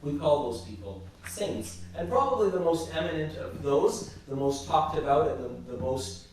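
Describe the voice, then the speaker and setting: A man teaching a church class and retelling saints' stories, halting and repeating words as he goes. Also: fairly high pitch, expressive, a little mellow, slight background noise. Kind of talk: storytelling religious class talk. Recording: very echoey church from a distance.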